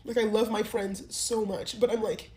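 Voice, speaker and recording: A woman's voice: mid-range voice, little pitch movement, normal speed, a little mellow. A woman in her twenties, rambling emotionally in a confessional vlog. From United States. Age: 20s. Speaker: vlogger in a played clip.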